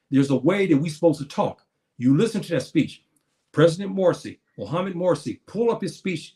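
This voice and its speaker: With a fairly high, slightly mellow voice, a Muslim preacher lectures earnestly on religion. He often begins his phrases again and refers to his audience as brothers and sisters.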